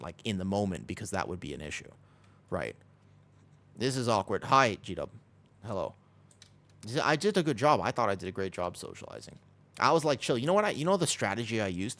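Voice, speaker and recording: A man chatting casually with his viewers as he streams an online game, rambling with lots of "like" fillers and breaking off for quick game callouts. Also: on the low side. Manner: rambling, many "like" fillers, talking to chat between game callouts. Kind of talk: casual chat while livestreaming a game.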